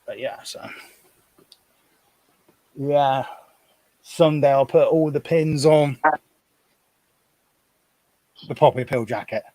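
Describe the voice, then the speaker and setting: A man's voice: medium pitch, slow, pauses often, warm tone. A man talks on a live stream from home. He rambles in a chatty way and thinks aloud as he goes through his things. His mid-range voice sounds dry and close, with no room echo. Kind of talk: casual live-stream chat.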